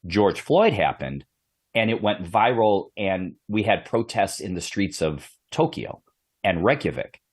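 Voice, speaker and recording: A man hosting a policing podcast, telling a story in an animated way and often repeating his words. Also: fairly low pitch, a little slow, breathy edge. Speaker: podcast host, police background. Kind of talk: podcast interview, conversational.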